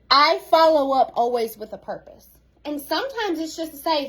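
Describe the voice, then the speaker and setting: A woman, a sales team leader giving an animated, casual pep talk at home, repeating key phrases for emphasis. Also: sits high, moderate pace, poor audio.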